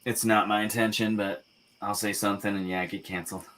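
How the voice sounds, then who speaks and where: A man's voice: fairly low pitch, level tone, quick pace, fairly bright tone. A young man hosting a live painting stream, chatting casually and jokingly, now and then singing snatches of songs. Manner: joking, sings snatches of songs, slips into silly voices. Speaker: livestream painting host. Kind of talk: casual chat while painting.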